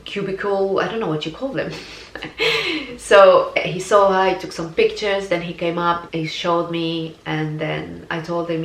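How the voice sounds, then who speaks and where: A young woman telling a personal story in a chatty, animated way, with lots of "like" fillers. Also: fairly low pitch, unhurried. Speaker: vlogger telling her birth story. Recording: echoey room.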